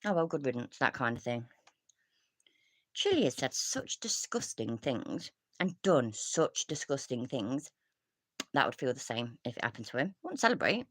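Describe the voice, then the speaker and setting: A woman's voice: very deep voice, big pitch swings, unhurried, fairly bright tone, breathy edge. A woman, ranting casually as a commentary streamer, rambling with restarts, sighs and frequent swearing.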